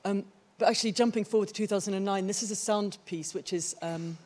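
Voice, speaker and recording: On a theatre stage, a middle-aged artist gives a conference talk about her own work, thoughtful and searching for the right words. Her medium-pitched voice is a little mellow, and she talks fast.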